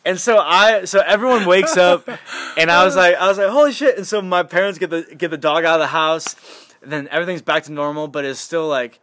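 A young man chatting casually on a podcast, telling a story in an animated way, laughing and swearing freely. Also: on the high side, brisk, no room sound, clean studio sound.

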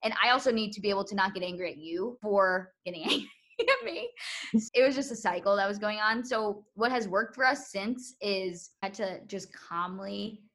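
A woman's voice: mid-range voice, normal speed. A young woman chatting casually on a podcast, telling a story with lots of laughter and acted-out quotes. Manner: animated storytelling, laughing often, acts out quotes. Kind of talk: casual chat.

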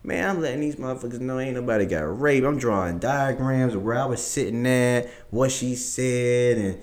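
A man guest in an interview, telling a story in casual, profane speech and acting out the things people said to him. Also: moderate pace. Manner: profane, swears constantly; acts out quoted exchanges, jumping higher and louder.

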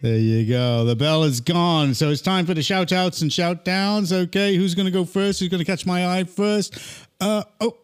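A man's voice: sits high, fairly even intonation, normal speed, few pauses, clear, resonant tone. A man hosting a casual chat show, joking, teasing the others and laughing often. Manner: jokey, laughs a lot, teasing. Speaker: show host. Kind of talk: casual chat, leading a segment.

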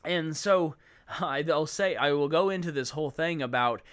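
A man's voice: fairly high pitch, normal speed, a bit bright, clean tone. A middle-aged man sharing classroom management tips for teaching children, talking casually and walking through examples. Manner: conversational, explains with examples and acts out classroom exchanges.

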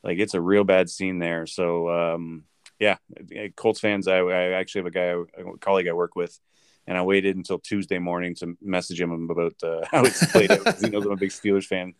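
A man co-hosting a podcast, chatting about football in a lively, joking way and laughing often. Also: low voice, moderate pace, smooth, no echo, clean studio sound. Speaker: podcast co-host. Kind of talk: casual sports chat.

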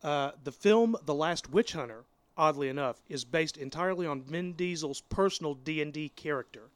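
A man's voice: a little high, normal speed, no echo. A man co-hosting a podcast in a playful, casual way, speaking directly to the listeners. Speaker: podcast co-host.

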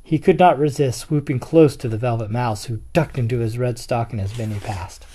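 A storyteller reads a children's picture book aloud at a steady, even pace. The voice sits at a middling pitch and is expressive without rushing. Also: husky.

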